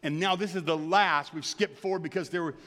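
Animated preaching man in a reverberant hall. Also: a little high, fairly quick. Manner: animated, laughing storyteller preaching. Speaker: pastor. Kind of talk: sermon. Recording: long reverb of a large hall.

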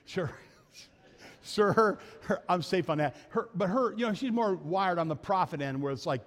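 A man preaches from the pulpit in a casual, storytelling way, often laughing at himself. His voice sits a little on the high side. The sound carries a long reverb from the church hall. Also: animated, moderate pace. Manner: conversational, self-deprecating, laughs often. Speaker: pastor. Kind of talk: sermon storytelling. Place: church sanctuary.

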